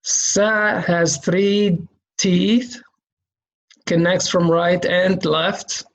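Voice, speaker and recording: A man gives a step-by-step reading lesson at an unhurried pace. His voice has a gravelly, creaky texture. He repeats each sound so it sticks and keeps checking in with the learner. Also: high-pitched, fairly even intonation, rough recording. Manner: patient, explains slowly and checks in with "okay?"; demonstrates sounds by repeating them. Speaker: Quran reading teacher. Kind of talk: step-by-step lesson explaining letter shapes and sounds.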